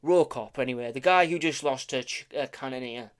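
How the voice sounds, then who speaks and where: Man, casual vlogger, rambling and self-correcting, stumbles over names, swears offhandedly, medium-pitched voice. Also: brisk, clear, resonant tone. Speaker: vlogger making fight predictions. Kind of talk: casual predictions talk.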